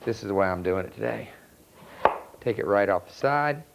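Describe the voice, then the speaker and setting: A man with a North Carolina accent, a chef talking through a cooking demonstration in a relaxed, plainspoken way. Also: on the low side, moderate pace, creaky, background noise. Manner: relaxed, plainspoken, step-by-step instruction. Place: outdoor charcoal grill by a house. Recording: dull lo-fi VHS recording.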